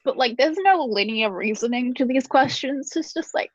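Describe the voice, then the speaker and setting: A woman player chats through her turns in a tabletop game, hesitating with fillers. Her voice sits a bit high, dry and close, with a dull lo-fi tone. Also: expressive, normal speed, no room sound.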